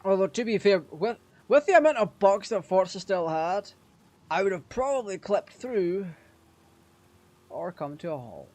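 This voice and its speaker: A man casually commenting on his racing game, sweary and quick to rage at the game. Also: high voice, sing-song, a little mellow, no room sound. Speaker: gaming channel host.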